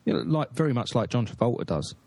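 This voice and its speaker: A man's voice: medium pitch, big pitch swings, fast, vocal fry, darkish tone, husky, no echo. A man hosting a podcast in casual chat, rambling and blunt, with frequent swearing. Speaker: podcast host.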